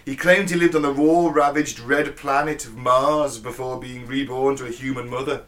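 A man's voice: mid-range voice, steady tone, normal speed, fairly bright tone. A man co-hosting a podcast, recounting odd news stories in a hesitant, um-filled way. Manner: hesitant, many ums, self-deprecating. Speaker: podcast co-host. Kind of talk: casual chat, reading out news stories.

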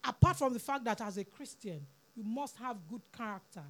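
A woman's voice: on the high side, lively intonation, a little fast. A woman preaching a sermon, earnest and pleading, repeating words for emphasis.

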